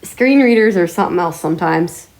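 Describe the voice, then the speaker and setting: A woman vlogger chatting casually to her viewers, telling stories in a chatty way with mild swearing and drawn-out exclamations. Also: on the low side, expressive, darkish tone. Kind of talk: casual chat to camera.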